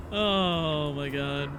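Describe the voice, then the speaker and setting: A man streaming a game, chatting casually in a rambling, giggly way with lots of fillers and restarts. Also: on the high side. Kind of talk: casual chat while playing a game. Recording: music playing in the background.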